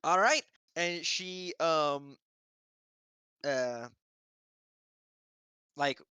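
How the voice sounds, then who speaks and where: A man's voice: fairly high pitch, drawn-out words, bright, forceful tone, clear, resonant tone, dry recording. A man running a tabletop game as dungeon master, narrating with lots of fillers and restarts. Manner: rambling with many fillers and restarts. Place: home setup, streamed live.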